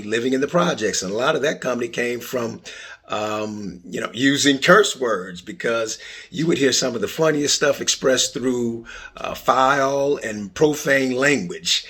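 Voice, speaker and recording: A middle-aged man hosting his own podcast, talking casually in a playful, animated way with jokey asides. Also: mid-range voice, breathy edge. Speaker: podcast host. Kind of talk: casual podcast intro monologue.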